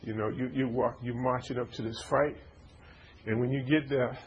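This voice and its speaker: A man's voice: medium pitch, fairly even intonation, moderate pace, lo-fi sound, a little hiss or hum. A man preaching an informal sermon, stammering through repeated words and checking in with his listeners. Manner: stammering repetitions, call-and-response asides.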